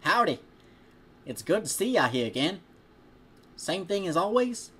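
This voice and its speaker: A man's voice: on the high side, big pitch swings, normal speed, a bit bright, husky, voice pushed up, full character voice. A man voicing a friendly young woman who sells apples at a farm stall, reading from a storybook. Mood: friendly teasing. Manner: raised, perky delivery without the intended twang.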